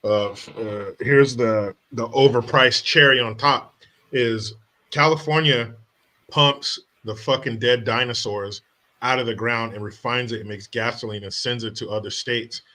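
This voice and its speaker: Man, comedy podcast host, profane mocking rants, bright forceful voice. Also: mid-range voice, fairly even intonation, unhurried.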